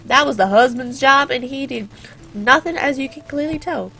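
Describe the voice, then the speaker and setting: A teenage girl with a bright, high voice talks casually over her gameplay. She rambles and wanders into playful, sarcastic asides. Her voice sits well above most women's. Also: normal speed, gravelly, soft background music. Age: teens. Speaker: gaming channel host.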